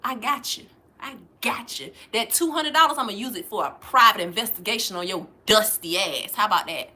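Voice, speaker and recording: A woman, hosting a livestream, reading out chat comments and loudly mocking trolls, cursing freely. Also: medium pitch, expressive, brisk. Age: 40s. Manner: loud, profane and mocking, calling out trolls. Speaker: livestream host.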